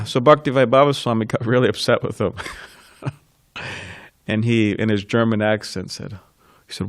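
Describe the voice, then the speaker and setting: A man giving a temple scripture class, telling stories in an informal way and laughing softly between thoughts. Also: medium pitch, normal speed, no room sound, studio quality. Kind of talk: reminiscing temple class talk.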